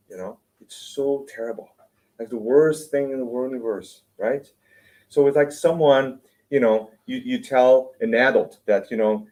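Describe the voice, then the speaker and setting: A man's voice: mid-range voice, normal speed, darkish tone, low-quality recording. A man giving an informal spiritual lecture, talking in a loose, chatty way, tagging "right?" onto his sentences and often restarting his words. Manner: conversational, keeps asking "right?"; acts out whiny complaints to make his point. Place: lecture room.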